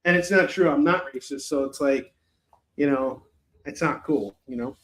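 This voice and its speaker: A man's voice: medium pitch, normal speed, fairly bright tone. A man hosting a live shopping stream in a rambling, chatty, self-mocking way. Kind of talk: casual chat. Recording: roomy echo.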